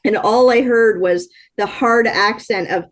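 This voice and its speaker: A woman's voice: medium pitch, measured pace. A Canadian woman hosting a casual interview, blunt and teasing with crude jokes. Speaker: host.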